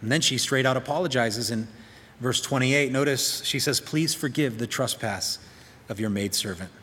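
A man preaching a storytelling sermon at a middle pitch. He drops into a softer voice for quoted lines. His voice rings with a long hall reverb. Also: normal speed, slightly rough. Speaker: pastor.

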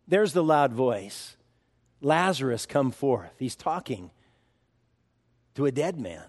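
A man's voice: on the high side, darkish tone, long reverb tail. A man pastor giving an expository sermon in a conversational way, with wry asides.

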